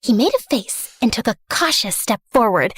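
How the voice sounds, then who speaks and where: A young woman narrating an animated story as a spoiled, theatrical rich girl, sarcastic and self-centered. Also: on the high side, normal speed, breathy edge, no room sound, studio quality, heavily acted. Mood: sassy. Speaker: first-person narrator.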